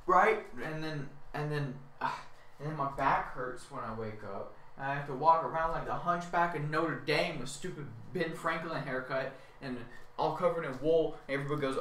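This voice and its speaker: A man's voice: fairly high pitch, moderate pace, fairly bright tone. A young man rambling in a whiny, self-mocking rant, repeating himself as he complains. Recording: echoey room, far from mic.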